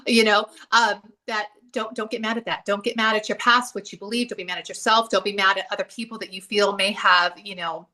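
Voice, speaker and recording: A woman hosting a casual spiritual discussion, telling stories in an animated way and acting out the voices in them. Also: a little high, normal speed, hardly any pauses, recorded from a distance. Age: adult, left a church at seventeen years ago. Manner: animated storytelling, acts out voices with laughs. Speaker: host.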